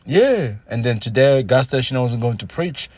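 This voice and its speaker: A man vlogging in a casual, animated rant, telling street stories full of profanity and quoting scripture. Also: mid-range voice, normal speed, dry recording. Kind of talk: casual ranting monologue. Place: Australia.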